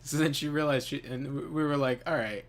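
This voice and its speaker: A man's voice: medium pitch, fairly even intonation, fairly quick. A man hosting a gaming video, telling a casual story while he plays, rambling with lots of fillers and frequent laughs. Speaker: gaming channel host.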